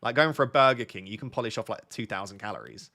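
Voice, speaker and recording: A man's voice: lowish voice, fast, sharp tone. A young man hosting a livestream in casual chat, laid-back and joking, rambling with lots of fillers. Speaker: livestream host. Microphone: on a mic near the camera.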